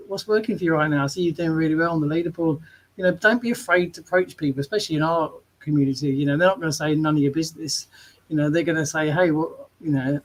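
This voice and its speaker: A man's voice: fairly high pitch, low-quality recording. A man co-hosting a live online show, chatting casually and retelling stories with lots of asides. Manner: chatty storyteller, retells scenes in quoted voices. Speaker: co-host of a live marketing show. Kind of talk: casual chat.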